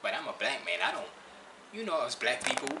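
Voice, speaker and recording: A man's voice: mid-range voice, very animated, brisk, reverberant, heavy background noise. A man hosting a reaction video, chatting casually in a rambling, loose way. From Jamaica. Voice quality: rambling, chatty, restarts a lot. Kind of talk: casual chat.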